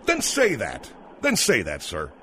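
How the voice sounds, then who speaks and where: A man's voice: fairly low pitch, wildly swooping pitch, a little slow, pushed and bright, a little hiss or hum. A male call-in radio host who sounds exasperated and sarcastic with his callers. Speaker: radio talk show host.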